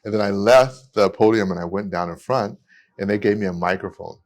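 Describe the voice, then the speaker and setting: A man, a podcast guest telling stories in a lively way with many restarts. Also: lowish voice, brisk. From United States. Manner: animated storytelling with many restarts. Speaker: guest, immigration attorney. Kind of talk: casual podcast conversation.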